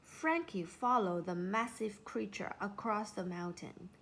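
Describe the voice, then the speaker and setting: A woman narrating a children's storybook in an unhurried, expressive way. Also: medium pitch.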